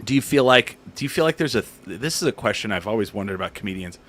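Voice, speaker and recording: A man hosting a casual comedy talk show, telling an animated story and acting out what people said. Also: on the low side, quick pace. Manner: animated storyteller, acts out quotes. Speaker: podcast host and comedian.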